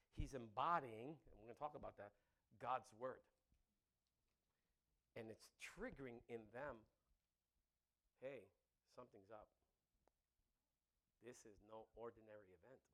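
A man preaching a sermon, swinging from loud exclamations to quiet asides and asking the congregation "right?". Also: medium pitch, expressive, moderate pace, long pauses.

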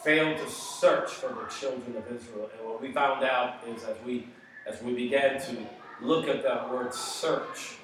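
Animated pastor preaching in an echoey hall. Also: male voice, medium pitch, unhurried, slight background noise. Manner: animated, jokey, emphatic with sudden loud bursts. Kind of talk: sermon. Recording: echoey hall, distant mic.

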